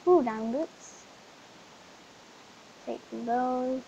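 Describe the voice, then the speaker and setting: A woman hosting a casual gameplay commentary, chatty and excitable, full of exclamations. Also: a little high, very slow, vocal fry. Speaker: host. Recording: dull lo-fi mic with faint hiss.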